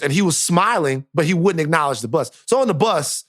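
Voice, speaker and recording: A man co-hosting a podcast, telling stories in a casual, animated way and repeating phrases for emphasis. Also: a little high, fairly quick. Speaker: podcast co-host. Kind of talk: casual chat, animated storytelling.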